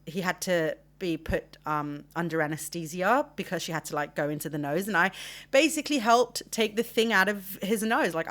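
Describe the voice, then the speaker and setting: A woman's voice: on the low side, a bit bright. A young woman from Denmark hosting a podcast, telling a personal story in a rambling, earnest way with lots of fillers and restarts. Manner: earnest and emotional, laughs through discomfort. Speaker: podcast host.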